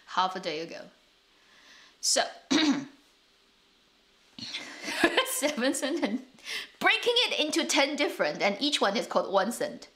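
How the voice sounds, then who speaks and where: A woman whose first language is Chinese speaks English with a North American accent, chatting casually to camera as a drama channel host, rambling with restarts and light laughs. Her voice is mid-range with a fairly bright tone.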